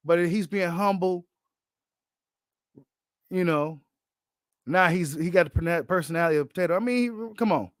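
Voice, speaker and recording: A man hosting a boxing channel, giving casual, animated reaction commentary full of slang and repeated phrases. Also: high voice, dry recording, studio quality.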